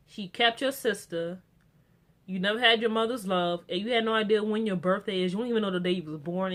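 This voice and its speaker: Bright-voiced woman reviewing a TV episode. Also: medium pitch. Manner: animated, swears often, acts out characters' lines. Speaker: TV recap reviewer. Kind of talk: casual recap and review.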